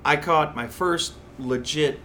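A man's voice: on the high side, slow, sharp tone, a little hiss or hum. A man, a fishing columnist, telling stories in a casual podcast chat with emphatic repeated phrases. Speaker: saltwater columnist.

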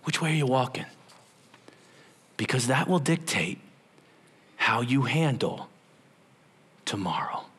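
A man's voice: mid-range voice, expressive, slow, pauses often, fairly bright tone, slightly rough. A middle-aged male pastor preaching a sermon, telling the story with acted-out voices and sudden drops to a whisper.

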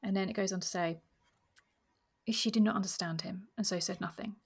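A woman's voice: mid-range voice, fairly even intonation, brisk, slightly rough. A woman reading passages from a novel aloud with expression, sometimes dropping almost to a whisper, and talking about the book.

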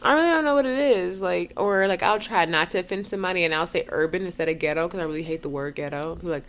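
A woman's voice: lowish voice, expressive, quick pace, few pauses, slight background noise. A woman in her twenties from Detroit, co-hosting a casual podcast and ranting frankly with plenty of profanity. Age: 20s. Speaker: podcast co-host.

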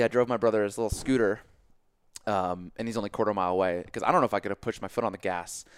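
A young man on a podcast telling a story casually, animated and swearing freely as he acts out his own reactions. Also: medium pitch, very fast, smooth, no room sound, clean studio sound. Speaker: podcast guest.

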